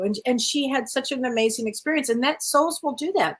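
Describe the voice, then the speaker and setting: A woman co-hosting a casual spiritual chat, eagerly telling personal stories and often answering with quick agreement. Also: a little high, husky. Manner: eager storyteller, quick affirming replies. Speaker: co-host.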